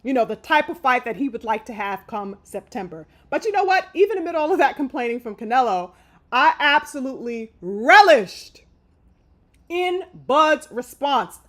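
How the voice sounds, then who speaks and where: Female host, high lively voice, fiery profane boxing rant. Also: moderate pace. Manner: heated, emphatic, profane ranting. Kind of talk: live opinion commentary.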